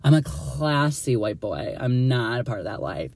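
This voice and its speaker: A man's voice: mid-range voice, sing-song, moderate pace, gravelly, a little mellow, dry recording. A young man telling a personal story in a casual, profane, sassy way, full of "like" fillers. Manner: chatty, profane, filler-heavy with constant "like"; dramatic, sassy retelling.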